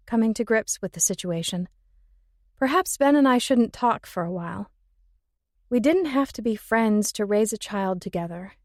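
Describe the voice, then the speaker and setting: A woman's voice: fairly high pitch, darkish tone, no room sound, clean studio sound. A woman giving first-person scripted narration with wry, emotional, sardonic asides. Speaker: audiobook narrator.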